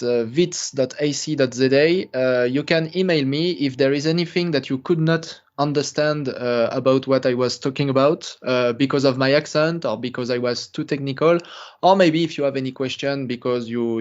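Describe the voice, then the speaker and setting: A man's voice: medium pitch, muffled recording. A man from France with a French accent, giving a recorded lecture with careful, apologetic phrasing and many fillers. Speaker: paleontology lecturer.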